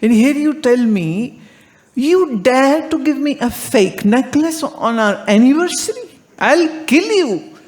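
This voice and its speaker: A woman's voice: mid-range voice, measured pace, close to an everyday voice. A woman playing a sobbing, furious wife. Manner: sobbing then raging. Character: distraught wife, furious over fake necklace.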